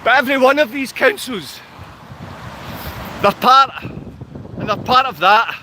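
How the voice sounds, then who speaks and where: A man's voice: very high-pitched, animated, slow, pushed and bright, slight background noise. A man with a Scottish accent, talking straight to his viewers in an intense, combative rant that keeps repeating its points. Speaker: channel host. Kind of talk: ranting live talk to viewers.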